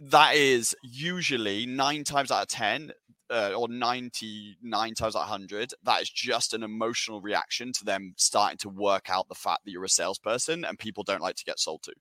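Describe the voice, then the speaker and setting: A man hosting a casual panel discussion, energetic and chatty, with many fillers and restarts. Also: on the low side, moderate pace, no room sound. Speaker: webinar host.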